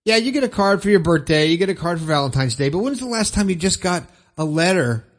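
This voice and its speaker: A man's voice: high voice, expressive, fast. Upbeat rambling podcast host, man. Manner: upbeat, rambling, chuckles at own jokes. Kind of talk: casual podcast chat with ad reads.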